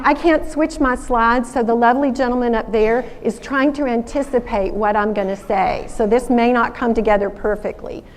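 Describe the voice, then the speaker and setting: A woman's voice: fairly high pitch, a little mellow, big-room sound, rough recording. Southern woman telling stories at an assembly. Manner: folksy storytelling, acts out phone calls. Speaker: guest speaker. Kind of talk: motivational talk to a school assembly. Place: school assembly hall.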